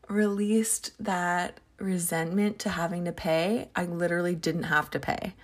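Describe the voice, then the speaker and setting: Woman, low voice, gravelly fry, chatty storytelling, from canada. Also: fairly even intonation, measured pace, few pauses. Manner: chatty, lots of fillers and acted-out inner thoughts. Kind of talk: casual personal story.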